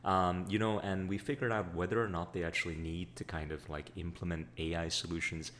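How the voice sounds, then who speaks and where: Man, very deep voice, slight Sri Lankan-tinged accent, upbeat, chatty interview guest. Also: level tone, fairly quick, a bit bright, slight background noise. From Bay Area, California. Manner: upbeat and chatty, with many fillers. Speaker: guest, staffing consultant. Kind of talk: casual radio interview.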